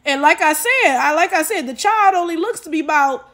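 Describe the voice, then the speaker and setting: A woman ranting in a casual commentary video, exasperated and animated, using lots of slang and talking straight to her viewers. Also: very high-pitched, brisk. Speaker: commentary YouTuber.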